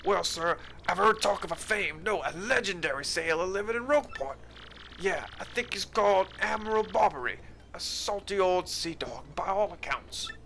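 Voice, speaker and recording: A gruff little bomb-creature sailor from a video game, voiced by a man, dropping rough working-class slang. The voice is pitched up and bright, with a forceful edge. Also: a little slow, pauses often, a little hiss or hum, exaggerated voice.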